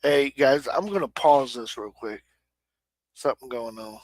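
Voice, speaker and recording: A man's voice: medium pitch, unhurried, dry recording, rough recording. A middle-aged man from Indiana with an American Midwestern accent, hosting a casual livestream chat in a plain-spoken, emphatic way. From Indiana, USA. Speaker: livestream host.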